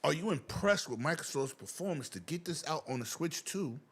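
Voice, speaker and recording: A man hosting a casual gaming chat who talks loudly and animatedly, often over other people. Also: on the high side, animated, brisk, husky. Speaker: show host.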